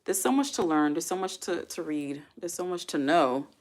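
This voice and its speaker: A woman hosts a relaxed livestream, talking through her thoughts and replying to viewer comments. Her voice sits a little low for a woman. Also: moderate pace. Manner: chatty, thinks aloud, answers viewer comments. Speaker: livestream host. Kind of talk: casual livestream chat.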